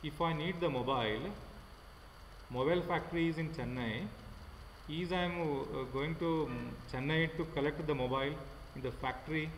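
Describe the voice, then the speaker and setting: A man with an Indian English accent teaches an online class. He talks haltingly, fills pauses with many fillers and repeats his points. His fairly high voice rings in an echoey room with a long tail. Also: a little hiss or hum. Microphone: computer mic without headphone.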